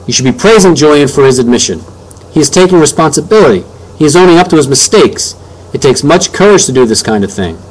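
A man's voice: a little high, animated, fast talker, husky, voice pushed up, poor audio. A man voicing a stern, blunt grandmother who scolds her family with emphasis. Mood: firm.

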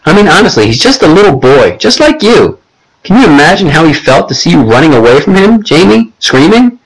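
A man's voice: a little high, sing-song, fairly quick, husky, pitched above the performer's own voice, exaggerated voice, poor audio. A man voicing a caring but stern middle-aged mother in an audiobook, talking in an earnest, scolding way. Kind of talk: audiobook character voice.

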